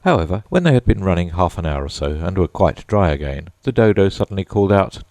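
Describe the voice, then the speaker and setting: Low-voiced man reading a storybook. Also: no room sound. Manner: expressive, measured storytelling. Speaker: narrator. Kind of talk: storybook audiobook narration.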